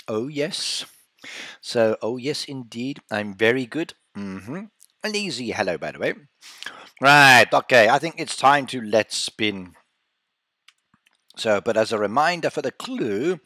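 A man's voice: mid-range voice, animated, unhurried, fairly bright tone, no echo, studio quality. A man hosting a casual live stream, playful and teasing as he reads out the chat.

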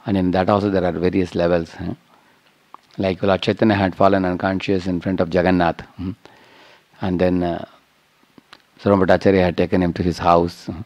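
Deep gravelly man giving a devotional lecture. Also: little pitch movement, fairly quick, long pauses, darkish tone, dry recording. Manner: checks in with frequent "huh?" and "hmm?". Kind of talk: scripture lecture with storytelling.

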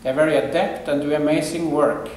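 A man giving a measured lecture, explaining and quoting from a diary. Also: fairly high pitch, fairly even intonation, darkish tone, recorded from a distance, slight background noise. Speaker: museum director giving a lecture. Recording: echoey hall, voice off-mic.

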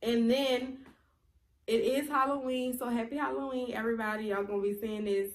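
A woman's voice: on the high side, steady tone, normal speed. Chatty woman. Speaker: co-host. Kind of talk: casual mukbang chat.

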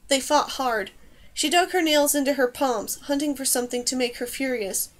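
A woman reading a novel aloud as an audiobook, with steady, even storytelling. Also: high-pitched. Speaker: audiobook reader. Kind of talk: scripted narration.

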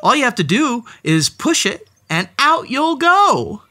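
A woman's voice: high-pitched, very animated, measured pace, pushed and bright. A woman reading a children's picture book aloud, playful and theatrical, talking to the character with gasps and exclamations. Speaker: storybook reader. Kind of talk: children's read-aloud storytelling.

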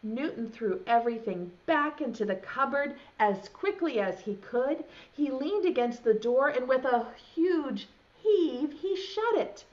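A young preschool teacher, animated and full of questions for her small listeners, reads them a picture book in a home video lesson. She talks a little slowly with hardly any pauses, in a high voice. Dull, lo-fi sound.

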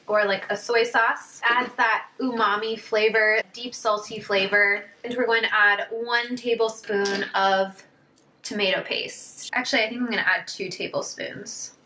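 A woman's voice: mid-range voice, bright, forceful tone, a little hiss or hum. A young woman vlogger talking casually through her cooking at home in a kitchen, chatty and upbeat with frequent "like"s. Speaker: wellness vlogger. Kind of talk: casual cooking vlog narration.

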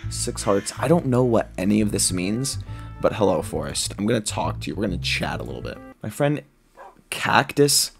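A man giving excitable, jokey commentary while playing a survival game, squealing high whenever he is delighted. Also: normal speed, gravelly, soft background music. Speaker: gaming video creator.

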